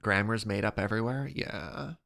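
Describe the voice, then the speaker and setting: A man's voice: on the low side, normal speed, vocal fry, fairly bright tone. A man streaming and chatting casually, reading his chat aloud in a playful way and laughing often.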